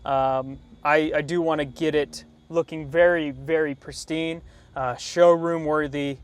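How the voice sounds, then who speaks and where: A young man, a car vlogger, telling a story to camera in a detailing shop, animated and laughing, with many fillers and restarts. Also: on the high side, measured pace, smooth.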